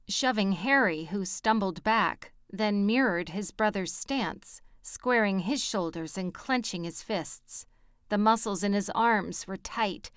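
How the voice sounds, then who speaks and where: A woman narrating an audiobook in a slow, even storytelling manner. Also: medium pitch, smooth, no echo, clean studio sound. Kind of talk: scripted narration.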